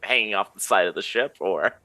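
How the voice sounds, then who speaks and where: A man playing a tabletop game, his low voice bright and forceful. He talks through his moves casually, laughing often. The sound is dry. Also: expressive, fairly quick, dry recording. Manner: laughs often, speaks in character in bursts. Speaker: player.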